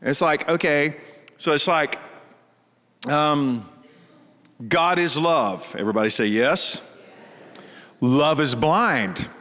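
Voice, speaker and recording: A pastor from Texas with a Texas accent, preaching in a folksy, animated storytelling style and acting out the voices in his stories. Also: fairly high pitch, slow, long pauses. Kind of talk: storytelling sermon. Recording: reverberant church hall.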